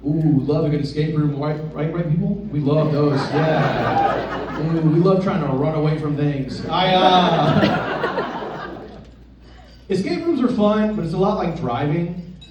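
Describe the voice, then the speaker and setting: A man's voice: on the high side, expressive, slow pace, recorded from a distance, highs cut off, very noisy. A young man doing stand-up in a comedy club, joking with the crowd and laughing at his own lines. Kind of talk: stand-up set. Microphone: handheld stage mic. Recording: roomy club sound, audience laughter.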